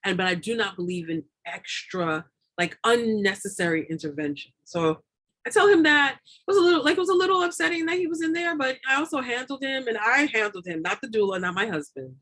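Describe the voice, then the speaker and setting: A woman's voice: fairly high pitch, fairly quick, fairly bright tone. Chatty woman guest, rambling with fillers. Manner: rambling, frequent fillers and repeated words, laughs often. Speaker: doula and lactation consultant, guest. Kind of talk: casual interview talk.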